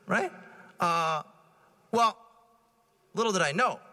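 A man in his thirties delivers an informal homily at Mass as a priest. His voice sits high and swings widely in pitch as he tells stories with animation and keeps checking in with the congregation. The sound carries the long reverb of a church. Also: slow pace. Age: 30s. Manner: animated storytelling, checking in with "right?".

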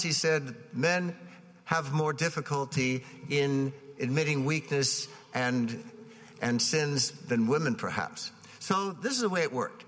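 Male preacher, slightly high, bright voice, chatty sermon delivery, long hall reverb. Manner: conversational storytelling with frequent restarts.

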